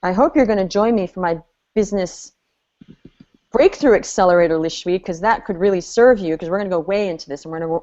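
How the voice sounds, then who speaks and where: A woman business coach running an online seminar, animated and chatty, laughing often as she talks. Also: fairly low pitch. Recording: slightly dull lo-fi audio.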